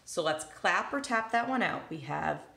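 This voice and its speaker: This woman teacher has a fairly low, gravelly voice that is bright, forceful and expressive, at normal speed. Recording a classroom worksheet walkthrough one-handed on a handheld device in an echoey room, she thinks aloud step by step and taps out syllables on the table.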